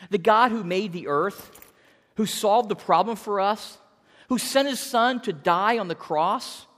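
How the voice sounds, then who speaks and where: A pastor in their fifties preaching a sermon in an earnest, animated way, often repeating words. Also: mid-range voice, a little slow, big-room sound. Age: 50s.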